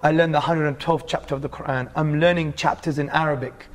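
A man's voice: on the high side, steady tone, fast talker. A man in his forties from England, earnestly telling his life story as a guest in a casual interview and calling the host bro.

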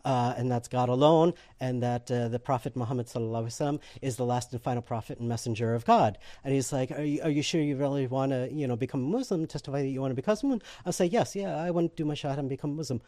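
A man telling a personal story in casual conversation, animated and laughing often as he acts out what other people said. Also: mid-range voice, racing, hardly any pauses, no echo.

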